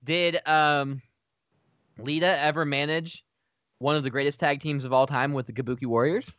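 A man's voice: a little high, fairly even intonation, moderate pace, a bit bright, no room sound, lo-fi sound. A man co-hosting a wrestling podcast, arguing his picks with profane banter. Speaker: podcast co-host. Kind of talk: casual chat.

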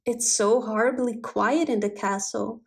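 A woman voicing a gentle, quiet young boy from the woods, speaking softly, plainly and earnestly. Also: a little high, fairly even intonation, a little slow, creaky.

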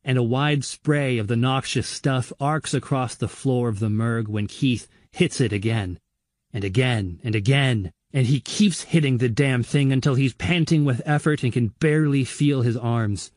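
A man narrating a horror audiobook in a measured, grim way. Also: medium pitch, a little mellow, no room sound, studio quality.

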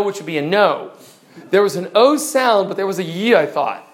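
A man with a high voice teaches a class on preaching. He is middle-aged and speaks demonstratively, acting out examples as he goes. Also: animated, moderate pace. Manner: demonstrative, mimics examples, varies loudness for effect. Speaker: preaching instructor. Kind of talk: lecture on preaching delivery.

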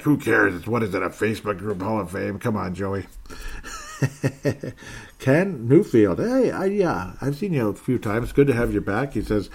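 A man's voice: medium pitch, dark tone, husky. A man hosting a fan podcast, reading listener comments aloud in a casual, joking way and laughing often. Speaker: podcast host.

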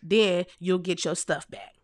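A woman in her thirties telling comic stories to her audience in a casual, animated, heavily profane way, laughing often as a podcast host. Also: on the low side, unhurried, no room sound, clean studio sound. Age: 30s. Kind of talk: casual comedic storytelling.

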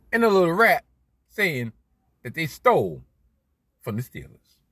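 Animated cursing man, husky dry voice. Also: high voice, no room sound. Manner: animated, swears freely, swings loud. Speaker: podcast host. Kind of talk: solo sports commentary podcast.

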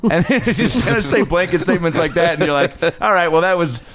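Fast, rambling young-sounding host. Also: male voice, sits high, expressive, crowd noise. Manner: rapid, rambling storytelling with restarts. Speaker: podcast host. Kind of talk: casual podcast chat.

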